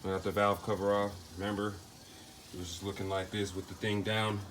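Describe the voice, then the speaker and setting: A man with a low voice walks through a car repair in loose, slangy talk, thinking aloud as he works. A faint ambient noise sits behind him. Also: level tone, a little fast, a bit bright. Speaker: DIY car repair vlogger. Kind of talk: casual how-to narration.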